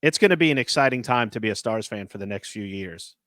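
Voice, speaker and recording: A man hosting a casual sports podcast, talking in an animated, rambling way with lots of filler words. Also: lowish voice, quick pace, dry recording, studio quality. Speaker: podcast host.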